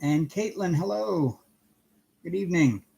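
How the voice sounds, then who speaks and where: Upbeat guy chatting on a home livestream, kinda high voice, says hi to everyone one by one. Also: lively intonation, unhurried, gravelly, mellow. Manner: cheerful, greets viewers by name one by one. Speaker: livestream host. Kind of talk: casual live chat while crafting.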